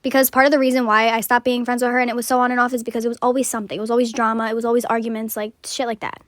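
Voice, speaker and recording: A woman's voice: a little high, flat delivery, rapid-fire, no echo. A young woman telling her own story in a chatty, casual way, full of "like" and swearing.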